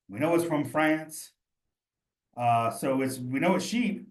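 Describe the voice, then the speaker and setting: A man's voice: medium pitch, unhurried. A man leading a live study session, thinking aloud and talking straight to his students in a chatty, encouraging way. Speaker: cheese instructor. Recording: roomy echo.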